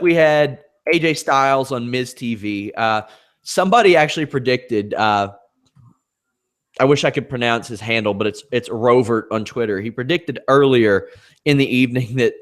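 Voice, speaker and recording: A man hosting a podcast, moving through topics in a conversational way and putting questions to his co-host. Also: mid-range voice. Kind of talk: casual podcast chat.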